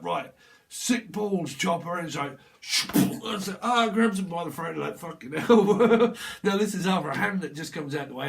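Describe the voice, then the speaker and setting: A young man giving a tarot reading, acting out scenes in lively voices and swearing often. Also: fairly high pitch, gravelly. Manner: animated, acts out scenes with put-on voices, swears a lot. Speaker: tarot reader.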